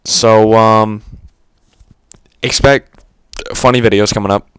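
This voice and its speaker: Deep, smooth-voiced man rambling commentary. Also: steady tone, takes it slowly, fairly bright tone, no echo. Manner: rambling, stuttery, frequent fillers; casual, offhand swearing. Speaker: gaming commentator. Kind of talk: unscripted gameplay commentary.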